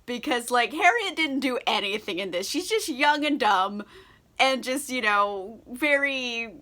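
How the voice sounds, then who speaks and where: A young woman with a bright, edgy voice pitched a little high, chatting tipsily into the camera. She rants sarcastically about a book, swears freely and breaks into giggles. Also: lively intonation, a little slow. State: tipsy. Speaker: book vlogger. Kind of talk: casual book review chat.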